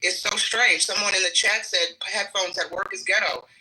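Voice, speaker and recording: A woman's voice: medium pitch, steady tone, moderate pace, bright, forceful tone, low-quality recording. A woman on a live panel, speaking firmly as she reads and answers comments from the chat. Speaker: livestream panel guest.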